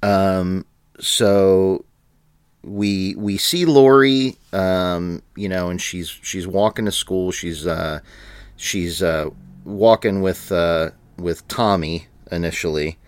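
A man's voice: deep voice, takes it slowly, clear, resonant tone, no room sound. A man co-hosting a podcast in casual chat, rambling with frequent fillers and laughs. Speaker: podcast co-host.

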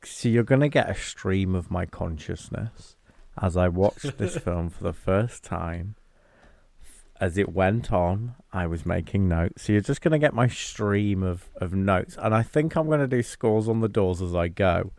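A man's voice: low voice, lively intonation, moderate pace, creaky, a little mellow. A man co-hosting a film podcast, chatting casually with wry asides and thinking-aloud fillers. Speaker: podcast co-host.

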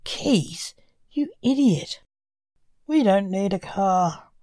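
Woman reading a grim reaper, old male, exasperated, scolding, dark mellow voice, dry sound. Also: medium pitch, animated, extremely slow, no room sound. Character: gruff ancient male reaper, impatient.

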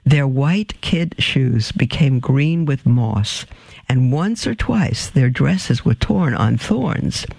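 A man reading a children's story aloud at an unhurried pace, stopping now and then to explain an aside. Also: mid-range voice, expressive, creaky, darkish tone, dry recording. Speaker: reader.

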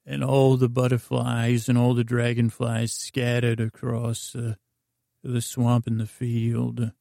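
A man improvising a rambling bedtime story, halting often with fillers and restarts. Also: medium pitch, creaky, mellow, no echo, studio quality.

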